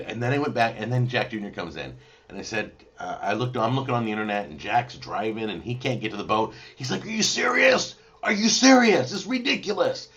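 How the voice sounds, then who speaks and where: A middle-aged man hosting a live show, chatting casually and telling rambling, animated stories to viewers. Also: low voice. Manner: rambling, animated storytelling with restarts. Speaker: cooking show host answering viewer questions.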